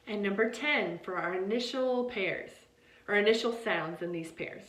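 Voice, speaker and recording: A woman teaching English pronunciation, leading repeat-after-me drills of paired words in a slow, deliberate way and often checking in with "okay?". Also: mid-range voice, a bit bright. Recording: roomy, echoey sound.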